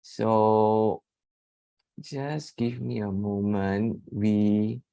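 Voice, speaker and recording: A man leads an online English class over a video call, speaking slowly and patiently. His voice sits fairly low, and he stretches out vowel sounds to demonstrate them. The recording is dry, with no room echo. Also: little pitch movement, gravelly, mellow, clear, resonant tone. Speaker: English teacher. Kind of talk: online spoken English lesson.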